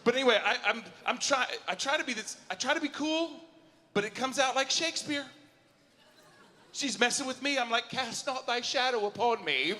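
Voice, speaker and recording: A man in his forties doing a stand-up set in a large hall, his high, bright voice trailing a long reverb. He talks in a chatty, self-mocking way and keeps checking in with the crowd. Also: a little fast. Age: 40s. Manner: chatty, self-mocking, keeps asking the crowd "you know what I'm saying?". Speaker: stand-up comedian. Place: large auditorium at a live show. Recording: hall reverb from a live venue.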